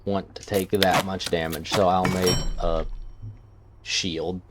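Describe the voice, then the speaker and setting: A man's voice: deep voice, little pitch movement, takes it slowly, very noisy. A man casually thinking aloud as he plays a survival game. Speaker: gameplay streamer. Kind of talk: let's-play commentary. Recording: game music underneath.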